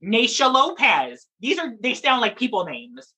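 A woman who performs in drag and reads at story time, chatting in a lively, playful interview and laughing often. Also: on the high side, unhurried, husky.

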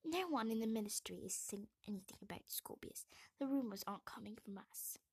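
A woman's voice: on the high side, animated, a little fast, darkish tone, husky, no room sound, clean studio sound. A woman reading the part of a clever, earnest grown woman, speaking in an intense half-whisper. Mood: insistent.

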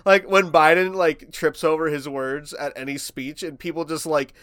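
A man's voice: a little high, fairly even intonation, moderate pace, fairly bright tone, smooth, no room sound, clean studio sound. A young man co-hosting a podcast, chatting casually, rambling and laughing as he mock-quotes people. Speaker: podcast co-host. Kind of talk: casual chat.

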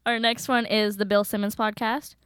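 A woman producer chatting casually in a podcast studio, upbeat and quick. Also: medium pitch, level tone, a bit bright, clean tone, dry recording. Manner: upbeat, quick with short interjections.

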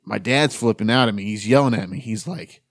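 A man's voice: lowish voice, brisk, no echo, studio quality. A man in his thirties hosting a podcast, telling a long school story among friends, swearing freely and acting out the voices of the people in it. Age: 30s. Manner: profane, animated storyteller acting out quotes. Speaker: podcast host.

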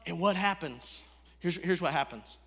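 A pastor preaching a sermon in a conversational way, swinging from hushed to loud. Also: male voice, a little high, expressive, moderate pace. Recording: echoey hall reverb.

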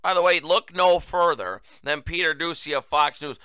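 A man's voice: on the high side, normal speed, bright, forceful tone, smooth, no echo. A male talk show host giving political commentary in an indignant, sarcastic way.

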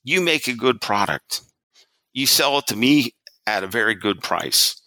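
A man's voice: medium pitch, animated, unhurried, bright, forceful tone, no room sound, voice pushed up, exaggerated voice, low-quality recording. A man doing the voice of a blunt, folksy male retail executive with a Southern US accent, drawling and exasperated.

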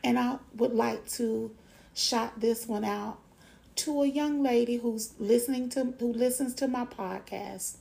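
A middle-aged woman hosting a motivational podcast, encouraging listeners and slowly repeating affirmations. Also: on the high side, steady tone, creaky, mellow. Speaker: podcast host.

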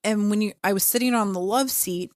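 Animated woman telling a ghost story. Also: mid-range voice, brisk, no echo, clean studio sound. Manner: animated, lots of fillers, acts out her own reactions. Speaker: podcast co-host. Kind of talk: casual storytelling chat.

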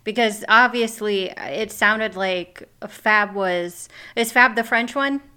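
A woman's voice: medium pitch, slow pace, sharp tone, smooth. A woman who grew up in the Midwest, co-hosting a casual chat and musing aloud with hedges. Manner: chatty, hedging with "I'm assuming". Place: North Carolina.

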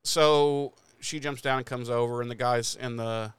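A man talks through a TV episode recap in a loose, rambling way, dropping swear words constantly and breaking into laughs. His voice is smooth and clear, recorded dry and close with no room sound. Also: mid-range voice, fairly even intonation, normal speed, no echo. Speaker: podcast host recapping episodes. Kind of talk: casual profane recap chat.

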